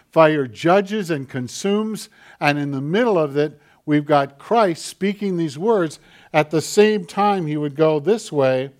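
A man preaching a sermon in a slightly higher voice. He moves from hushed, weighty emphasis to raised, urgent stretches and puts rhetorical questions to his listeners. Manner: swings between quiet, heavy emphasis and louder urgent passages. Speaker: pastor.

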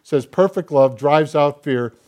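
An older man preaches in an easy, conversational way, like a pastor guiding a congregation through a passage, often slipping into acted-out bits of quoted dialogue. His voice is a bit higher than most men's, with a darkish tone and a measured pace.

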